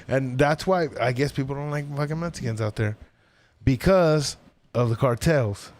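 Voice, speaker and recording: On a podcast, a male guest rambles through a story, profane throughout, animatedly acting out people's words. He speaks at medium pitch and a moderate pace.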